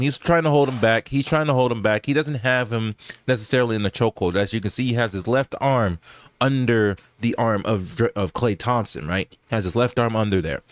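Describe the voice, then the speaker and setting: An excitable man narrates game footage in a casual, slangy way. His pitch swings widely as he reacts, and he laughs freely while talking straight to viewers. It feels like an unscripted commentary recording. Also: a little hiss or hum. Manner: animated, laughs often, slangy, talks to viewers. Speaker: YouTube sports commentator.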